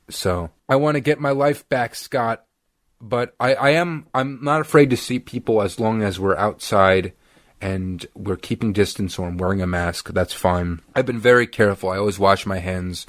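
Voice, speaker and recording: Recorded clean and dry in a studio, a young podcast co-host with a low-leaning voice chats casually. He tells an animated story, putting on the voices of the people he quotes.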